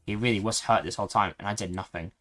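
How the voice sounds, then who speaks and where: A man voicing a brooding male hedgehog in a game, speaking low and grave. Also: fast talker, a bit bright, soft background music. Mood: grim.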